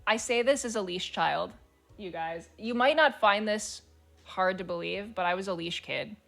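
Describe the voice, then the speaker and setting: A woman's voice: mid-range voice, normal speed, creaky, fairly bright tone, faint music behind. A woman streamer chatting casually and reading forum posts aloud, blunt, swearing freely and laughing as she talks.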